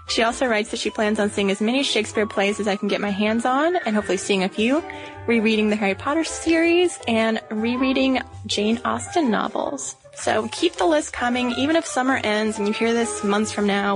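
A woman co-hosting a podcast in casual chat, reading listener mail in a conversational way. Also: on the high side. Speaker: podcast co-host.

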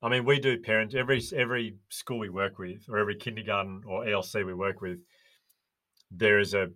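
Lively Australian man telling stories. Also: fairly low pitch. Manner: animated storyteller, acts out quoted voices. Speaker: podcast guest, resilience educator. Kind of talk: casual interview chat.

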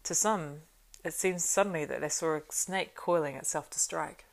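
A woman narrating an audiobook in a measured storytelling manner. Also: sits low, gravelly. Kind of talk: audiobook reading.

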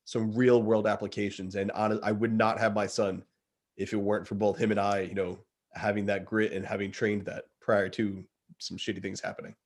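A man in his thirties with a fairly low voice tells a story to a friend in casual chat. He is earnest and animated, and drops "dude" into his sentences. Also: moderate pace, husky. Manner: earnest, animated retelling, says dude a lot. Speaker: guest.

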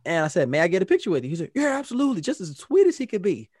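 A man co-hosting a podcast, telling animated stories and acting out the exchanges he quotes. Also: high-pitched, very fast, breathy edge, dry recording, studio quality. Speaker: podcast co-host. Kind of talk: casual storytelling chat.

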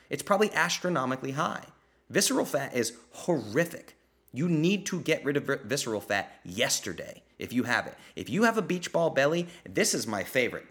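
Man, bright voice, blunt, fired-up, swears, host of a live Q&A. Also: mid-range voice. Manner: mimics people in quoted voices. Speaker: podcast host answering listener questions. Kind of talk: live Q&A chat.

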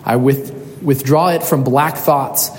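A man reading the lines of a kindly, solemn old bishop aloud in a gentle, measured way. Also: mid-range voice, lightly acted. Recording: echoey hall, faint noise.

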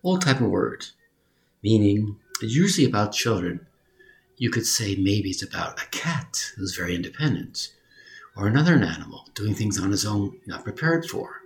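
A man's voice: fairly low pitch, expressive, moderate pace, vocal fry. A man giving a short vocabulary lesson, spelling each word out letter by letter and repeating its pronunciation. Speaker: English vocabulary teacher.

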